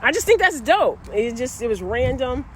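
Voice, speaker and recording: A woman yoga teacher casually sharing stories from her classes in a chatty, animated way. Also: high voice, moderate pace, slight background noise. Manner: warm, chatty, animated storytelling. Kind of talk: casual storytelling vlog.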